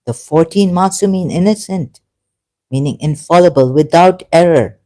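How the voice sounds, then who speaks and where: A religious commentator in an unscripted personal monologue, talking in a meandering, halting way with many self-corrections, earnest and at times emphatic. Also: mid-range voice, mellow. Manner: earnest, grows emotional and emphatic.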